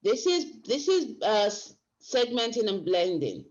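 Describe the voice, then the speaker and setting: A woman's voice: medium pitch, sing-song, measured pace, hardly any pauses, a little mellow. A woman teacher giving a workshop lecture, explaining step by step and often restarting her phrases. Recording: dull lo-fi recording.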